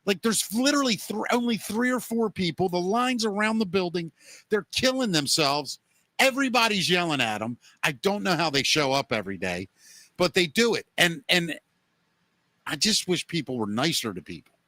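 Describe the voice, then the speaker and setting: A podcast host man tells stories in a loose, rambling way, leaning on "you know" again and again. His voice sits high and sounds bright and forward. The sound is dry and close. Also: lively intonation, normal speed, dry recording. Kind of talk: casual chat, storytelling.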